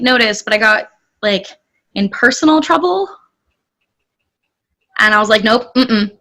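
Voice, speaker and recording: A woman's voice: fairly high pitch, fairly bright tone. A woman co-hosting a podcast, telling a story in casual chat and animatedly quoting herself. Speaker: podcast co-host.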